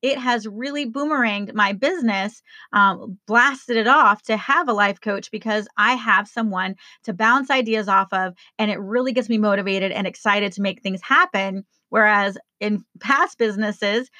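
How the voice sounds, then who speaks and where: A woman's voice: mid-range voice, bright, forceful tone, no room sound. A woman hosting her own podcast as a life coach, talking casually and enthusiastically to listeners. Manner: upbeat, enthusiastic, spells things out slowly.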